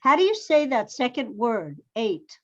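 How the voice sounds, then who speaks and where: A woman student in an online language class, repeating phrases haltingly and asking how words are said. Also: fairly high pitch, very animated, a bit bright, highs cut off. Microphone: video call.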